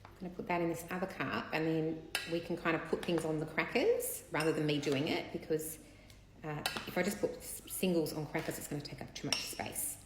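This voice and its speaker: A vlogger with a deep voice chats a little fast while putting together a seafood platter in her home kitchen, gossiping candidly and swearing now and then. The room is echoey with faint background noise, and children can be heard splashing in a bath elsewhere in the house.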